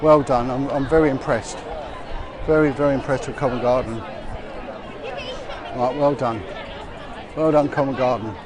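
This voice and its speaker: A middle-aged vlogger speaks in a medium-pitched, steady voice at a moderate pace, pausing often, with a crowd audible behind him. He rambles through busy city streets on a walking livestream, using many fillers and restarts amid passers-by and street noise.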